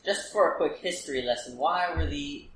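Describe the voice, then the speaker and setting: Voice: medium pitch, moderate pace, a bit bright, echoey room, slight background noise, poor audio. A player in a tabletop role-playing game, wry and teasing. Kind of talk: tabletop role-play chat.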